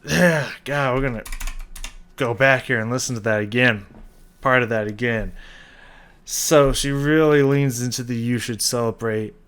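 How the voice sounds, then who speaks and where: A man talks through a song reaction in a loose, casual way. He gets excited, swears freely, and fills his sentences with "like" and "just". His voice sits at an average pitch for a man. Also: unhurried. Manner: enthusiastic, swears casually, many fillers. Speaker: music reaction youtuber. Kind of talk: casual music reaction commentary.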